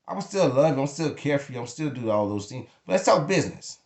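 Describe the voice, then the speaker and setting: A man's voice: medium pitch, big pitch swings, fast. A man speaking to camera in an emotional venting monologue, blunt and emphatic, cursing freely. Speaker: vlogger. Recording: echoey room.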